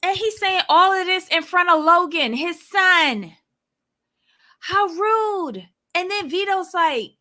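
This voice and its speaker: A woman's voice: extremely high pitch, animated, slow pace, pushed and bright. A woman co-hosting a reality TV recap show, talking in a sassy, blunt way and exclaiming at the cast. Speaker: podcast co-host.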